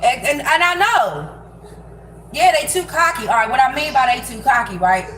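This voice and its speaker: Young woman ranting while she cooks, cussing a lot, kinda high voice, echoey kitchen with noise behind. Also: big pitch swings, normal speed, fairly bright tone. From Prince George's County, Maryland. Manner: blunt, profane, rambling street talk. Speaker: vlogger. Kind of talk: casual rant while cooking. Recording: echoey room with background noise.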